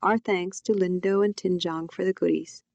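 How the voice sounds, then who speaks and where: A woman reads her novel aloud in a quiet, reflective first-person voice. Her tone is low and mellow. The sound is dry and close to the mic, with no room around it. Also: steady tone, moderate pace, no echo. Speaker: author reading her novel. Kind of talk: audiobook narration.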